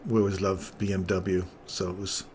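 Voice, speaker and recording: Middle-aged male trading host, fairly low voice, casual and digressive, light background hiss. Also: little pitch movement, moderate pace, a little mellow. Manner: casual, rambling, easily sidetracked. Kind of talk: live trading commentary.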